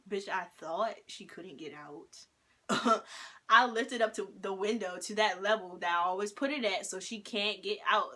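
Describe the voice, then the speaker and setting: Bright-voiced woman telling a story. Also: mid-range voice. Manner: animated, swearing, slangy storyteller. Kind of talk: casual storytime. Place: at home indoors.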